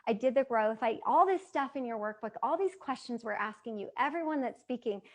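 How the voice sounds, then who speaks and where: A woman's voice: fairly high pitch, animated, brisk. A woman in her thirties giving an earnest motivational talk to an audience, repeating phrases for emphasis. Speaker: motivational speaker.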